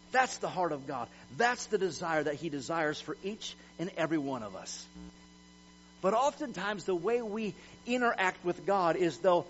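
A man's voice: sits high, fairly bright tone. A middle-aged male pastor preaching a sermon with emphasis, acting out quotes with swagger. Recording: dull lo-fi sound with mains hum.

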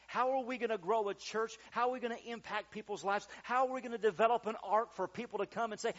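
A male pastor delivers a sermon in a high-pitched voice. He tells a story with lively, acted-out quotes and builds to emphatic peaks. The recording sounds slightly dull and lo-fi. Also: fast talker, hardly any pauses.

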